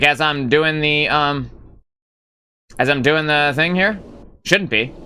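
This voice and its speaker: A man's voice: on the high side, pushed and bright, a little hiss or hum. A man hosting a live gaming stream, talking casually in a rambling, filler-heavy way, blunt and sometimes profane as he answers chat.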